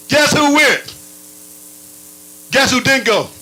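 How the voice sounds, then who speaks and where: Bright, high-voiced animated male preacher. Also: takes it slowly, pauses often, low-quality recording. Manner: animated, playful preaching with sweeping pitch jumps and barking sounds. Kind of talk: sermon.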